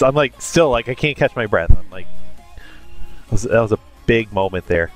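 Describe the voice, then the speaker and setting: A man hosting anime reactions in casual commentary, emotional and gushing, with many fillers. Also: fairly low pitch. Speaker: anime reaction channel host.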